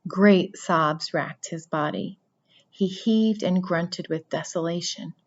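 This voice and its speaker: A woman's voice: fairly low pitch, takes it slowly, highs cut off. Woman reading a children's novel aloud. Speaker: reader.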